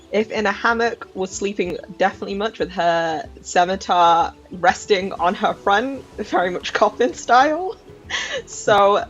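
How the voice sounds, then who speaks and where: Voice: mid-range voice, a bit bright, highs cut off. A player in a tabletop game, describing a character's actions casually.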